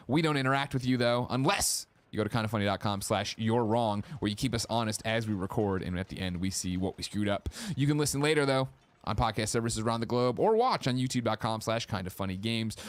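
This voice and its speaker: Fast-talking jokey podcast host man. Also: mid-range voice, no room sound. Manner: fast, jokey, animated plugs. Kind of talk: casual gaming news chat.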